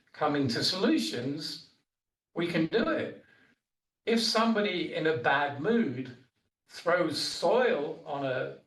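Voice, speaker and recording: A monk telling stories in an echoing hall. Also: male voice, high-pitched, a bit bright. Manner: conversational storytelling with asides. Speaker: Buddhist monk, teacher. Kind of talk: dharma talk. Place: meditation hall. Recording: roomy hall, voice from a distance.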